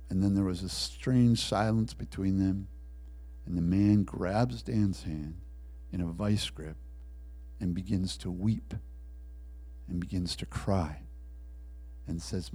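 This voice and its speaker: A man preaching a sermon, telling a story and acting out the voices in it, swinging between loud bursts and hushed lines. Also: on the low side, unhurried.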